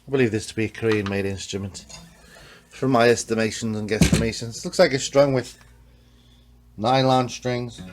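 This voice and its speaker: A man hosting a casual workshop vlog in a laid-back, rambling voice. He tacks "man" onto nearly every sentence and sometimes sinks into quiet muttered whispers. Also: medium pitch, fairly even intonation, moderate pace. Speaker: vlog host, guitar repairer.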